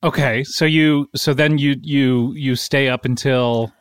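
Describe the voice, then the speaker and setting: A middle-aged man co-hosting a comedy podcast, halting and deadpan, with many restarts. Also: medium pitch, clear, resonant tone, dry recording. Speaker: podcast co-host. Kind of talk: improvised comedy podcast chat.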